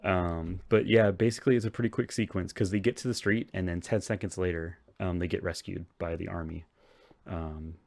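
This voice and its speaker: A man with a very low voice talks through a film plot in loose, rambling podcast chat. He hesitates with frequent ums and restarts and laughs often. The sound is close and dry, with no room echo. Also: fairly even intonation, fairly quick, creaky, darkish tone. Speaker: podcast co-host recapping a film. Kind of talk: casual chat.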